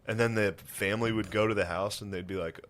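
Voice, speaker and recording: A man co-hosting a comedy podcast, telling a story in casual profane chat, laughing through it and shouting out the lines he acts. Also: lowish voice, fairly even intonation, quick pace, crowd noise. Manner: profane, drops to a mumble for grim details. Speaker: podcast co-host.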